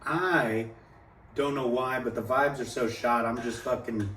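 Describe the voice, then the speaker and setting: A man's voice: mid-range voice, measured pace. A young man telling a story in casual talk, swearing freely and rambling. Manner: profane, rambling, animated quoting. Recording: echoey room, mic at a distance, faint background noise.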